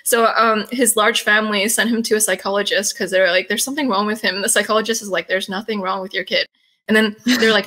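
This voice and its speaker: A woman's voice: mid-range voice, fairly even intonation, quick pace, bright, forceful tone. A young woman hosting a podcast, chatting casually and quoting others in conversation. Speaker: podcast host. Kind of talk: casual chat.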